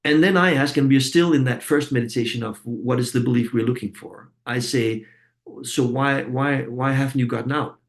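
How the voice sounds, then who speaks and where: A man with a gravelly, fry-tinged voice leads a training group. He talks reflectively, restarting and repeating words as he works out each point for his listeners. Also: medium pitch. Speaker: facilitator and course trainer. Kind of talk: teaching a group training session.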